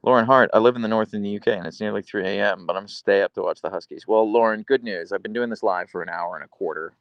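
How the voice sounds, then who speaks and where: Gravelly-voiced male live streamer. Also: on the low side, fast talker, no room sound, highs cut off. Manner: playful, teasing, chatty. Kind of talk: casual live-stream chat, reading comments aloud.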